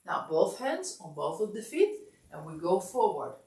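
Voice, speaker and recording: Woman instructor, drowsy and calm, low gravelly voice, recorded from afar in an echoey studio. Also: normal speed, far from the mic. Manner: calm step-by-step guidance, counting aloud. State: sleepy, yawning. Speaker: massage teacher. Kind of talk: instructional class demonstration. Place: massage studio.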